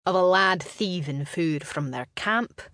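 A woman's voice: on the low side, unhurried, dry recording, clean studio sound. A woman voicing a weary, reproving older brother in a storybook reading. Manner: hushed, reproving. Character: weary, cautious older brother, a laird's heir.

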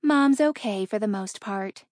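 A woman reads as a loving middle-aged mother on the phone in a storybook romance, tender and reassuring. The voice is mid-pitched and dry. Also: a little slow, a little mellow, dry recording, close to an everyday voice. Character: caring middle-aged mother, warm and gentle. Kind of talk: audiobook character reading.

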